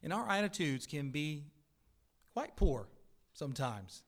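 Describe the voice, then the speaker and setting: A middle-aged man preaches a sermon in a church sanctuary. His voice sits a little high and swells into loud, earnest peaks before falling back, with dry asides to the congregation. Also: very animated, unhurried. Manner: earnest preaching with sudden rises in pitch and volume, dry asides. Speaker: pastor.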